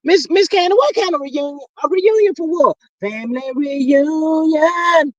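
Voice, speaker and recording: Livestream host, woman, high voice, dry close sound, gossipy drawl, loud calls and low murmurs. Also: expressive, fairly quick, dry recording, highs cut off. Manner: drawling Southern slang, says child a lot, reads comments aloud. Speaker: livestream host reading chat. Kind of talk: casual gossip livestream chat.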